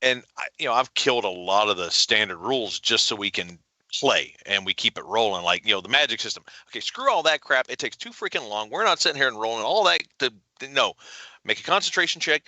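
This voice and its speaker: A man's voice: mid-range voice, dry recording. A middle-aged man, an author chatting casually as a guest on a video call, telling stories with folksy energy. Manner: animated storyteller, folksy, quick jumps into voices. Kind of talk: casual interview chat.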